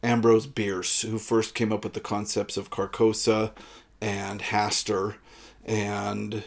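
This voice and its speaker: Low-voiced man rambling about a book. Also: slow pace, gravelly. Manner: relaxed, rambling with frequent uhs. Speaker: book reviewer. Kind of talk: casual book talk.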